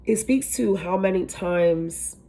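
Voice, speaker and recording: A woman's voice: mid-range voice, slow, mellow. A woman giving a casual tarot reading, talking in a rambling, emphatic way with lots of fillers and casual swearing. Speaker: tarot reader.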